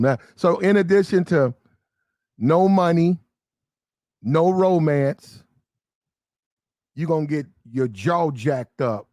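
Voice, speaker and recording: High-voiced man spinning a commentary story. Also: slow pace, long pauses, no echo, clean studio sound. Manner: animated, vivid storytelling with slang.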